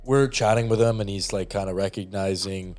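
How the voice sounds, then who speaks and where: A man's voice: low-pitched, fairly quick, darkish tone, faint music behind. A man in his twenties, a podcast co-host, telling a rambling family story in casual chat, laughing often and acting out the people he quotes.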